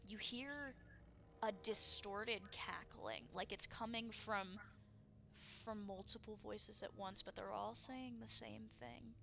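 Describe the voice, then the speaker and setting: Slow, gravelly woman game master. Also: a little high, fairly even intonation, bright, forceful tone, dull audio. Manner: dramatic, unhurried descriptive narration. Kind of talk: narrating a tabletop game. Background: background music.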